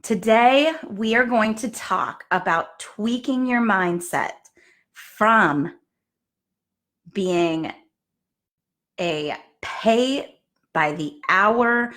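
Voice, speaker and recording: A woman hosting a live stream, bubbly and excitable, chatting with her viewers. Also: medium pitch, very slow, pauses often. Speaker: fitness business show host. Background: faint music.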